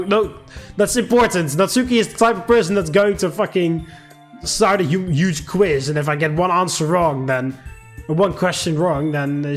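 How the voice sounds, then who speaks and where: A man reading a visual novel aloud and commenting, animated, laughing often and rambling in asides. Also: on the high side. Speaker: gameplay commentator.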